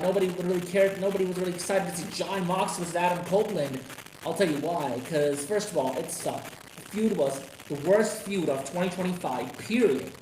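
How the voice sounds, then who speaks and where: A man ranting on a casual live stream about wrestling, swearing constantly and rambling with sudden excited outbursts. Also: a little high. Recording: echoey room with noisy background.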